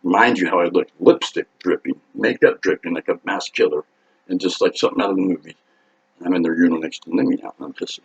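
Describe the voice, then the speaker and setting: The dull lo-fi clip captures a fast-talking rock singer in his fifties whose low voice is gravelly and husky. He rambles through a profane anecdote in a casual storytelling style, laughing and voicing the characters.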